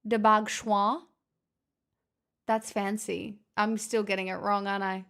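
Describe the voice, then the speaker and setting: A livestream host speaks in a medium-pitched, creaky voice with flat delivery at a moderate pace. She chats casually with her audience, teasing them and trading jokes with the chat.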